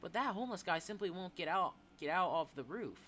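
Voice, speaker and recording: Guy doing a squeaky game recruiter, chirpy, bouncy pitch, helpful tone. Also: expressive, a little fast, a bit bright, a little hiss or hum. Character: squeaky high-voiced job recruiter.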